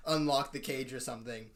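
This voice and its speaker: A man's voice: mid-range voice, normal speed, a bit bright. A man co-hosting a podcast, musing aloud in casual chat and giggling. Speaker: podcast co-host.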